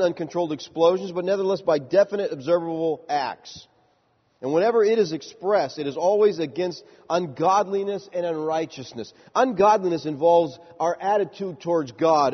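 Male pastor, sermon, emphatic, slightly high and husky, in an echoing hall. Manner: emphatic, rises in pitch to stress points. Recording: muffled sound with long hall reverb.

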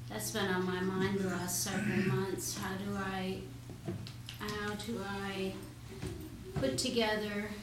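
Woman in a study group, hesitant and slow, echoey noisy room. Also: medium pitch. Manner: hesitant, halting. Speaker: church member asking a question. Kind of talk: question in group discussion. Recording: echoey room with background noise.

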